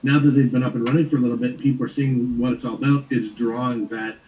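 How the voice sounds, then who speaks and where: A man with a mellow, dark tone speaks emphatically as he tells his story. His voice rings a little in a roomy space. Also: mid-range voice, flat delivery, quick pace. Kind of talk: casual interview storytelling.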